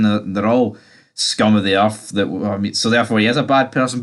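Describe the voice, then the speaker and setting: A man's voice: on the low side, fairly bright tone. A young man giving a casual, chatty recap and review of a TV episode, full of fillers and the odd swear word. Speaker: TV series reviewer.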